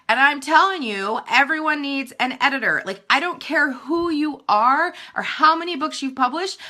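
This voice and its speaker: A woman novelist in her thirties, chatting live to viewers with emphatic, animated writing advice and self-mocking asides. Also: high-pitched. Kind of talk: live video chat answering viewer comments.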